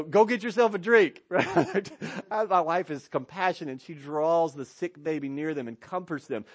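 Animated storytelling preacher, man. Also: fairly high pitch. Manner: animated storytelling with a pulpit cadence, asking "right?" often. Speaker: pastor. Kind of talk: sermon.

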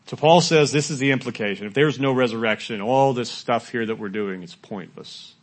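A man preaching a sermon in a conversational way, asking the congregation questions and at times rising to loud, shouted quotes. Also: mid-range voice, fairly quick. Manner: rises to loud shouting when acting out quotes. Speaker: pastor.

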